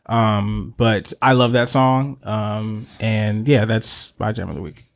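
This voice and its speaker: Relaxed man with trailing fillers. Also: lowish voice, takes it slowly, creaky. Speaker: podcast co-host. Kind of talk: casual chat.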